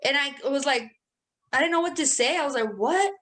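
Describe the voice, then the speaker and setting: A young woman co-hosting a casual podcast, talking loosely and swearing freely as she tells stories. She laughs often, and her voice sits a bit high. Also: a little fast, sharp tone. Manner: profane, laughing storyteller. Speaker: podcast co-host. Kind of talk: casual chat.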